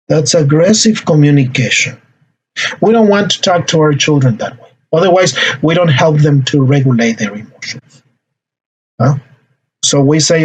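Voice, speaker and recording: A man's voice: on the high side, moderate pace, husky, rough recording. A man giving a lesson on emotional regulation and communication, acting out example dialogues between parents and children. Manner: acts out example dialogues, repeats "no, no, no". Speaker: parenting educator. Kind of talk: teaching a talk on emotional regulation.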